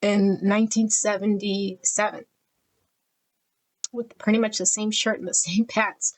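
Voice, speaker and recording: She's a middle-aged tarot reader who gets emotional and effusive about every card as she works through the deck. The audio is poor, and her medium-pitched delivery is flat and measured.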